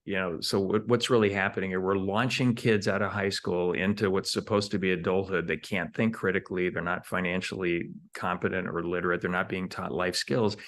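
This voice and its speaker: Casting: deep-voiced male entrepreneur guest, methodical, lays things out point by point. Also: fairly even intonation, brisk, hardly any pauses, a bit bright. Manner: explains in numbered steps, repeats words while thinking. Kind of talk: conversational interview.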